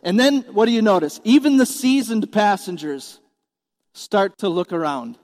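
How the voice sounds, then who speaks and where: A man's voice: sits high, animated, moderate pace, darkish tone, big-room sound. A man in his forties preaching a sermon as pastor, earnest and emphatic, asking the congregation questions. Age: 40s.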